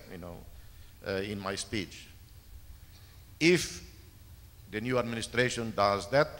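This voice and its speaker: Measured Timorese statesman in a hall. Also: lowish voice, fairly bright tone. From East Timor. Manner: measured, emphatic, repeats words for stress. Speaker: keynote speaker. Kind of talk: formal speech with audience Q&A. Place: large university auditorium. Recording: reverberant lecture hall.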